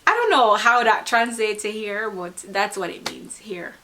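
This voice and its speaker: A young Jamaican woman with a Jamaican accent gives a casual explainer to camera, laid-back and chatty, now and then laughing at herself. Her medium-pitched voice is expressive and sharp-toned, a little slow. There's a slight hiss or hum in the audio.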